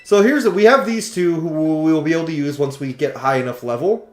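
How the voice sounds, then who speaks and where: Excitable man with a high voice. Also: fairly quick. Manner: excitable, jokey, swears. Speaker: let's play host. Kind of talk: casual gameplay commentary. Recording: roomy echo, faint game music. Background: faint game music.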